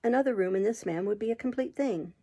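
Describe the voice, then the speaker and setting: A woman's voice: medium pitch, fast talker, dark tone, lightly acted. A woman doing a pompous, coaxing old-time beadle. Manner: smooth, coaxing, self-important. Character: pompous middle-aged male parish beadle, wooing.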